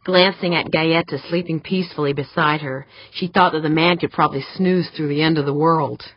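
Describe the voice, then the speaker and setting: A woman narrating an audiobook in a steady, measured reading. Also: sits low, no echo. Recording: dull, muffled dry recording.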